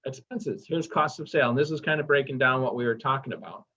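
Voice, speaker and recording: A workshop instructor gives a casual training lecture, chatty and enthusiastic, quizzing the class as he goes. His voice is medium in pitch, fast and sharp-toned, captured on a dull lo-fi recording.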